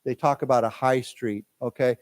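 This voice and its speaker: A man's voice: mid-range voice, steady tone, moderate pace. An American man teaching English, who explains words patiently and drills his class in a library lecture room. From United States.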